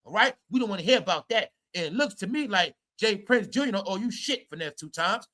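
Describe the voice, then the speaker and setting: Brash high-voiced man ranting. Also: expressive, a little fast, bright, forceful tone. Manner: brash, mocking, repeats "y'all" and "bro". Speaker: commentary streamer. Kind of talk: ranting commentary.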